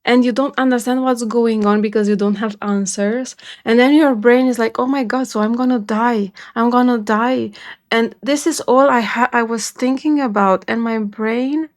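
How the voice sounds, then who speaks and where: A woman's voice: on the high side, steady tone, normal speed. A woman from Romania hosting a music reaction video, talking earnestly and emotionally and repeating phrases for emphasis. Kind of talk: casual reaction commentary.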